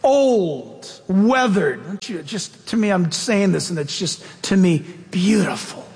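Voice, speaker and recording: A man preaching from a pulpit, his voice sitting notably high for a man. He tells stories with lively, animated delivery, and long reverb trails after each phrase, as in a large hall. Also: slow. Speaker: pastor. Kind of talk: sermon.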